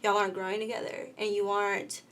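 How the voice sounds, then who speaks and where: A woman in her twenties co-hosting a panel talk show, reflective and measured as she shares her view. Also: mid-range voice, level tone, fairly bright tone. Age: 20s. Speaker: co-host. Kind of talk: casual panel chat.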